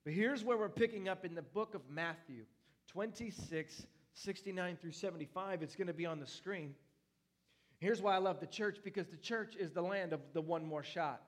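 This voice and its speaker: A young adult man preaching a sermon in a church, animated and playful, with loud and soft swings as he talks. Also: sits high, moderate pace. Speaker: pastor.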